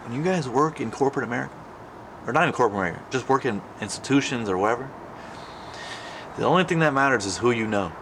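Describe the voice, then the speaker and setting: A young man talks straight to his camera in a loose, rambling way, full of fillers and casual slang. His voice sits at an ordinary middle pitch. A clear, steady background noise runs under everything he says. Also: fast talker, pauses often. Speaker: vlogger.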